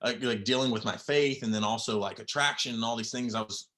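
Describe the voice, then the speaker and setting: Young man guest, bright forceful voice, halting, near tears. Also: mid-range voice. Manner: halting, many fillers and restarts. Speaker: podcast guest. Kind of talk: emotional personal storytelling.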